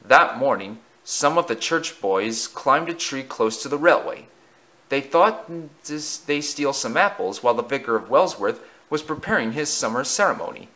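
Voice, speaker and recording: Ein Mann liest eine Kindergeschichte über Eisenbahnen vor, mit lebhaft wechselnder Tonhöhe. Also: male voice, medium pitch, lively intonation, normal speed, sharp tone. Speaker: narrator. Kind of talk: storybook narration.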